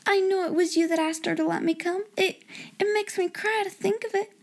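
A woman reading aloud and voicing a timid young servant girl who speaks in a hushed, breathless, awed way. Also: very high-pitched, normal speed, pitched above the performer's own voice. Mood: tearful.

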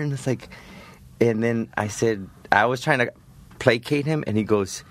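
A man's voice: medium pitch, moderate pace. A man, a comedian guest, telling a story casually and peppering it with "bro" and "like". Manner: laid-back, full of "bro" and "like".

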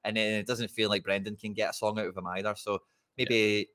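Man, Scottish accent, fast speech, lowish voice, dry sound, football podcast chat. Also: little pitch movement, sharp tone, smooth, no room sound. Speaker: podcast co-host.

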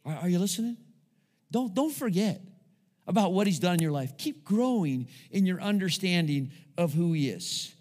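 Preaching to his congregation in a church sanctuary, a man speaks in a high, sing-song voice at a moderate pace, and the room leaves a long reverb tail. He asks for responses and calls out to the people as he goes.

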